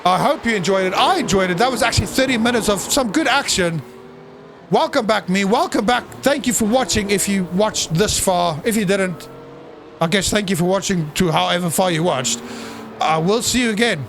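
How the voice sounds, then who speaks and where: A man's voice: high voice, a little fast, fairly bright tone, slight background noise. A man giving live, unscripted commentary on a sim race in a playful, teasing way, exclaiming at crashes.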